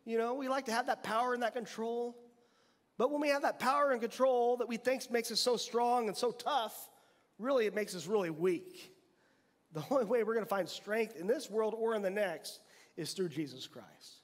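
A man with a notably high voice delivers a lively sermon, coaxing his listeners with question after question. His words ring out with a long tail of reverb from the church hall around him. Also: moderate pace. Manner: animated preaching with rhetorical questions. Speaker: pastor. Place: church sanctuary.

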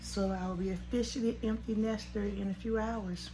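A woman's voice: medium pitch, fairly even intonation, brisk, warm tone. A woman in her forties, a vlogger, talking in a heartfelt, tearful, chatty way. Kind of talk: emotional vlog. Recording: noisy handheld recording.

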